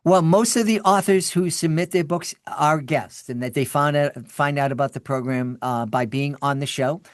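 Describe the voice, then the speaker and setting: A man telling stories as a podcast guest, animated, often restarting and repeating words. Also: on the high side, normal speed, no echo, clean studio sound. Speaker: podcast guest, children's podcast creator. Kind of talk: storytelling in an interview.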